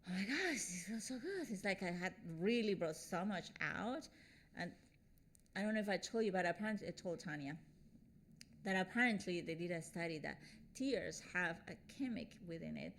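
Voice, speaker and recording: A woman hosting a casual conversation, reflective and repeating phrases softly. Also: fairly low pitch, normal speed. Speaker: host.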